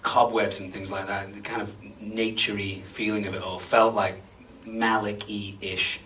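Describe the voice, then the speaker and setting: A very deep-voiced man in his thirties answers audience questions after a screening, chatty and self-deprecating. His tone is bright and forceful. He is caught on a distant mic in a cinema, with a faint hum underneath. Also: level tone, measured pace. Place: cinema auditorium before an audience.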